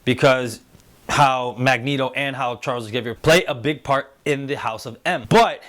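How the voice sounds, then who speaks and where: A man hosting a casual spoiler review show, excitedly retelling scenes and acting out the characters' lines. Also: medium pitch, moderate pace. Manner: excitable, animated retelling with quoted voices. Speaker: show host reviewing a TV series.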